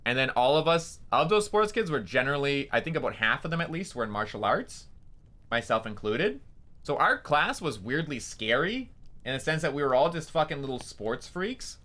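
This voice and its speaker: Young guy streamer rambling thru a story, bright voice, swears a lot, lots of ums. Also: mid-range voice, sing-song, normal speed. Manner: rambling, many fillers and swearing. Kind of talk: casual storytelling.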